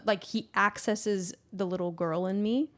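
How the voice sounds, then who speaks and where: A woman chatting as a podcast guest in an animated, casual way, laughing often, swearing freely and trailing off mid-thought. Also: mid-range voice, a little slow.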